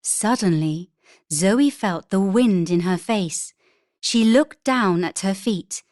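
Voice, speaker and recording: A woman reading a children's storybook aloud in a clear, expressive way. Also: medium pitch, takes it slowly, no echo, clean studio sound. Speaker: story reader.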